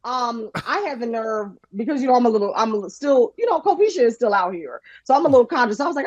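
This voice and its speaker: Female podcast guest, animated storyteller, bright high voice that leaps around; dry, slightly muffled recording. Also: quick pace, few pauses, dry recording. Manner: lively, laughing, acts out quotes in shifting voices.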